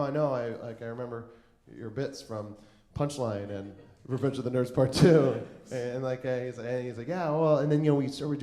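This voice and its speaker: A man's voice: medium pitch, dark tone, roomy sound. A young man telling a rambling stand-up story on a comedy stage, full of fillers and acted-out quotes.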